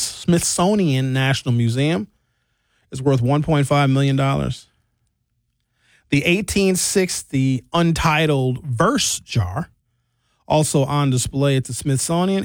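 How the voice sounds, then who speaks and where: A man giving casual, animated commentary, drawing out key figures slowly for emphasis. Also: mid-range voice, no room sound, clean studio sound.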